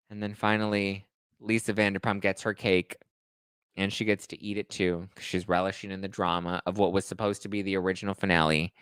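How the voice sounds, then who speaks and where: A man's voice: sits low, little pitch movement, fairly bright tone, smooth, no echo. Sassy guy ranting about reality tv, dramatic, dry close sound. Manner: sassy, dramatic, rapid asides. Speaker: host. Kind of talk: casual reality TV recap.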